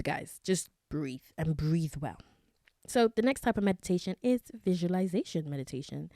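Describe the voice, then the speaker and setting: A woman's voice: on the low side, dark tone, no room sound, studio quality. A young woman hosting a casual solo wellness podcast, chatty and self-correcting, with many fillers. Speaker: podcast host.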